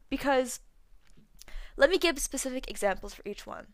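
Chatty and full of likes and ums, a twenty-one-year-old podcast host talks on her own with a slight lisp. She speaks on the high side at a moderate pace, and there's no echo in the recording.

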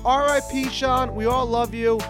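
A man hosting a casual movie podcast, animated and laughing, with a sing-song sign-off. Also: very high voice, moderate pace, music in the background. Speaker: podcast host. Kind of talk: casual chat.

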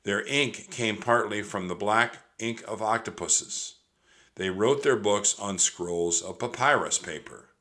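A man with a fairly low voice reads a children's chapter book aloud in a steady, expressive way. His tone is bright and forceful, and he clearly sets out each turn of the story. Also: measured pace. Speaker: audiobook narrator. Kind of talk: children's audiobook narration.

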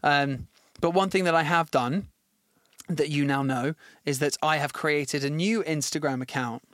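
A man's voice: fairly high pitch, unhurried, fairly bright tone, dry recording, clean studio sound. A young man co-hosting a podcast, explaining things in an easygoing chat. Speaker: podcast co-host. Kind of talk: casual chat.

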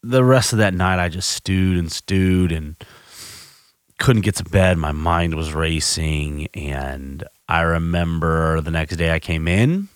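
A man's voice: deep voice, takes it slowly, clean tone, dry recording, studio quality. A man hosting a podcast, telling a personal recovery story in a candid, self-reflective way, often restarting his sentences. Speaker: podcast host.

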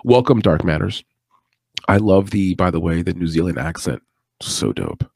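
Low-voiced and a little mellow, this East Coast American man talks at a moderate pace as he hosts a late-night MMA podcast. His casual live-stream commentary is chatty, opinionated and rambling, with asides, recorded clean in a studio with no echo.

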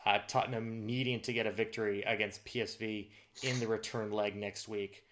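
A man's voice: on the low side, flat delivery, moderate pace, a bit bright. Rambling male football podcast host. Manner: rambling, filler-heavy recap of results. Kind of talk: casual sports chat.

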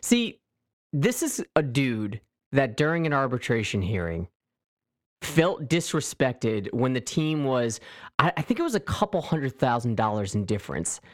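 Animated man in casual sports banter. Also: medium pitch, measured pace, no echo, studio quality. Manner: animated, acts out quotes in a mocking voice, swears freely. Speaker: podcast co-host.

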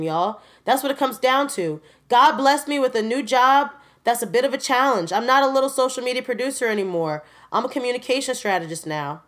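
A woman in her twenties giving a candid, animated personal update on her podcast, laughing often and talking straight to her listeners. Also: mid-range voice. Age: 20s. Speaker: podcast host.

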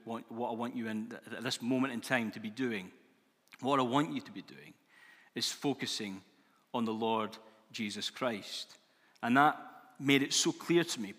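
Male preacher, bright forceful delivery, earnest and emphatic, church hall reverb. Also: mid-range voice. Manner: earnest, emphatic, builds in intensity. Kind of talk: sermon.

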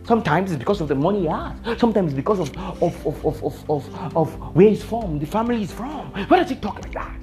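A woman's voice: on the low side, lively intonation, brisk, hardly any pauses, dark tone, faint music behind. A woman preaching a sermon, emphatic and repetitive, often laughing as she talks.

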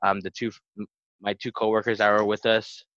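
Low-voiced young man telling a rambling story. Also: little pitch movement, fairly quick, a bit bright, dry recording, highs cut off. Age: 20s. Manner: rambling, full of "like" fillers. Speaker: podcast host. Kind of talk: casual storytelling.

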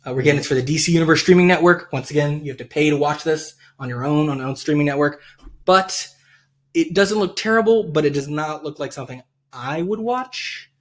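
A man's voice: fairly high pitch, a little fast. A young man hosting a casual podcast, rambling with many fillers and frequent laughter. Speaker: podcast host. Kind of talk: casual chat.

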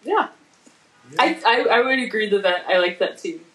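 A woman's voice: mid-range voice, expressive, moderate pace, fairly bright tone. A woman co-hosting a podcast, chatting casually and agreeably with hesitant, repeated words. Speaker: podcast co-host. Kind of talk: casual chat. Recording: echoey room.

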